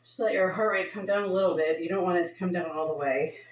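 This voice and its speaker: A fitness instructor leads a home workout, casually counting reps aloud in a chatty, offhand way while sounding winded. Her voice is fairly low and fast, recorded from far off in an echoey room with slight background noise.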